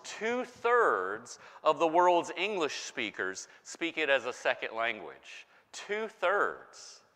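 A man preaching as a pastor, giving a sermon with animated, playful emphasis. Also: medium pitch. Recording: long hall reverb.

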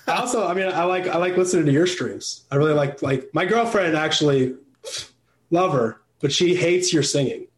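A young man, a guest in a casual interview, talking in a rambling way full of fillers and quick laughs. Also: a little high, crowd noise.

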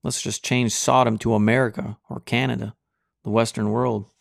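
A man's voice: mid-range voice, level tone, normal speed, creaky, dry recording, studio quality. A man preaching a sermon in a fiery, insistent, exhorting manner.

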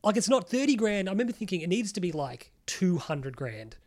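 A man co-hosting a casual pop culture podcast rambles animatedly, using lots of "like" and the odd swear. His voice sits high and sing-song, a little fast, with a darkish tone.

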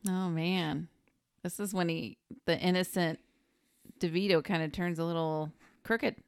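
A woman co-hosting a podcast who reacts to the film recap with quick, amused remarks. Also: lowish voice, steady tone, clear, resonant tone, dry recording, studio quality. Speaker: podcast co-host. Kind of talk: casual movie recap chat.

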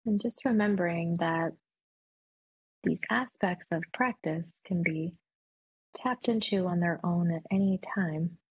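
A woman yoga and mindfulness instructor leading a guided meditation in a soft, slow, soothing voice. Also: lowish voice, breathy edge, no echo, poor audio.

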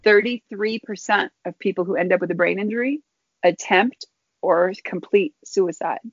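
A woman guest telling a personal story in an earnest, halting way, often restarting her phrases. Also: medium pitch, no room sound. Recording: dull lo-fi dry recording.

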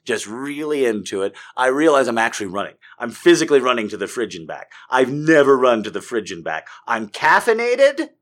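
Animated, profane comedic monologue man. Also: mid-range voice, fairly quick, few pauses.

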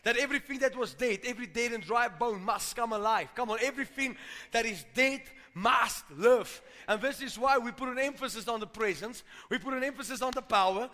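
Man preaching, bright edgy voice, high pitch, emphatic repetition, long church reverb. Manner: emphatic, repetitive preaching with call-outs to the congregation. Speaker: pastor. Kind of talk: sermon. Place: church hall.

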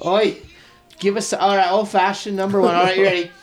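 A man's voice: high voice, fairly quick, soft background music. Swearing podcast guy mixing drinks. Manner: swearing, animated, mock Irish slang. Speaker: podcast co-host. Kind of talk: casual drinking chat.

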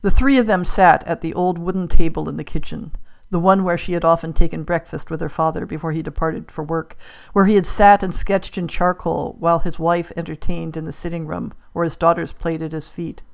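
A woman narrates a story aloud with a fairly low voice. Her reading is measured and unhurried, and she drops to a softer level on the quiet, sad lines. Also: fairly even intonation, vocal fry. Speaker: podcast host. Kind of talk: scripted narration.

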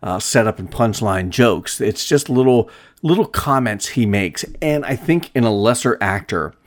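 A man's voice: lowish voice, expressive, normal speed. A middle-aged man giving a casual, rambling film review, restarting sentences and chuckling to himself as he talks. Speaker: film reviewer, shop host.

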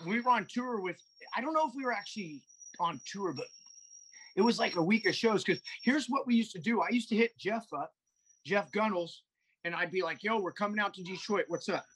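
A man in casual podcast chat, telling animated stories full of swearing and acted-out quotes. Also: sits high, fairly quick, slightly rough. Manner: animated storyteller, swears a lot, acts out quotes.

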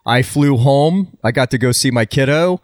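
Guy with a dry deadpan sense of humor on a podcast, mid pitch, dry recording. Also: normal speed, dry recording. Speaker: podcast co-host. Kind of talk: casual chat.

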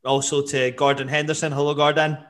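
A man's voice: on the high side, level tone, brisk, fairly bright tone. A man hosting a football podcast, chatty and jokey, with frequent fillers and restarts. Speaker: podcast host. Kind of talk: casual podcast chat.

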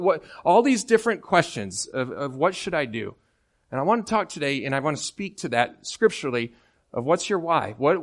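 A middle-aged man from Michigan with an American accent, preaching a sermon in an animated, jokey way that swings from soft asides to loud outbursts. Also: on the high side. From Michigan, United States. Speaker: guest preacher.

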